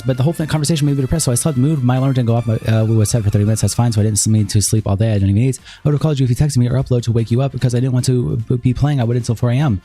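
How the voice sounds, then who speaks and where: Fast-reading man on stream. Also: mid-range voice, warm tone. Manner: rapid reading, running lines together with brief asides. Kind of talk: reading chat logs and a document aloud on stream.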